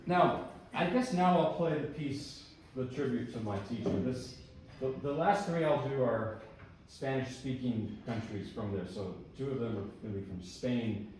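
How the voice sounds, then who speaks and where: A man introducing pieces at a recital, talking in a relaxed, rambling and self-deprecating way. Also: medium pitch, moderate pace, a little hiss or hum. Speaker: pianist giving a recital talk. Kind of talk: casual spoken introduction between pieces. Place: recital hall. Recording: echoey hall, voice heard from far off.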